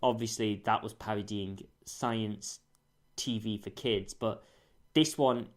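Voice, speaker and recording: A man reviews an old TV series in a casual monologue, speaking slowly in a lowish voice with fairly even intonation. He's thoughtful and careful, often correcting himself mid-sentence.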